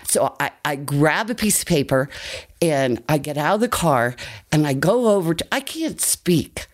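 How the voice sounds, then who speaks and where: An older woman telling a personal story as a guest, in an animated, breathless way. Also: low voice, moderate pace. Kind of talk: personal anecdote.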